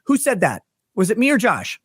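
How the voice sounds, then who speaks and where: A man in a heated argument on a livestream, swearing a lot and firing off rhetorical questions in a fast, angry rush. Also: high-pitched, huge pitch swings, a bit bright, husky, dry recording, clean studio sound.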